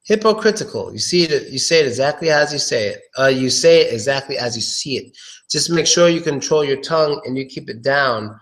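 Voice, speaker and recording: A man giving a casual pronunciation lesson, drilling words slowly and chatting between examples. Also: medium pitch, a bit bright. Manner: slow, drawn-out drilling of words, chatty asides. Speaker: pronunciation teacher.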